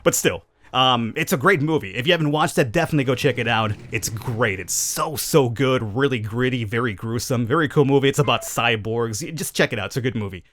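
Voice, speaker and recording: A man's voice: mid-range voice, a little fast, hardly any pauses, fairly bright tone, no room sound. Chatty man hosting a gaming Q&A. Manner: chatty, opinionated, self-aware cynical asides. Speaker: gaming channel host. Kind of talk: casual gameplay Q&A commentary.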